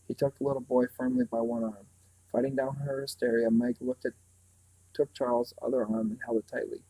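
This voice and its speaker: Guy reading a book out loud, really dark mellow voice, kinda husky. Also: medium pitch, brisk, rough recording. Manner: steady, with small slips and restarts. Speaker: reader. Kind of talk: reading a novel aloud.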